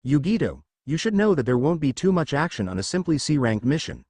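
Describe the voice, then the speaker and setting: A man's voice: fairly high pitch, sing-song, a little fast, darkish tone, slightly rough, no room sound. A man voicing a laid-back adult male ninja teacher who lectures his students. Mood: lecturing.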